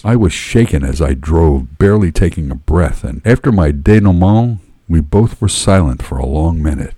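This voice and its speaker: A man tells a first-person tale with dramatic, profane flair. His low, mellow voice swings widely in pitch, and the sound is dry and close. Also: moderate pace, few pauses, no room sound. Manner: animated, profane, dramatic storytelling. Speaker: storyteller. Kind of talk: first-person story narration.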